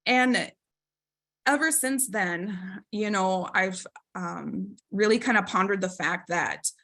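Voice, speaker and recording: A woman's voice: medium pitch, slow pace, fairly bright tone. A woman presenting a webinar, telling a personal story in an earnest, reflective way, with many fillers and tag questions. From Minnesota. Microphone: video call microphone.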